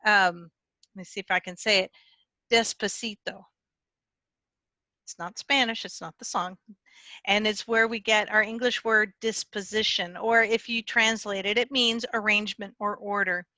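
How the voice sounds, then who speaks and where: Female conference speaker with a bright, close, dry voice. Explanatory and a bit self-correcting. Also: medium pitch, fairly even intonation, moderate pace, no room sound. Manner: talks with her hands. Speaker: conference speaker teaching writing. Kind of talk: conference talk.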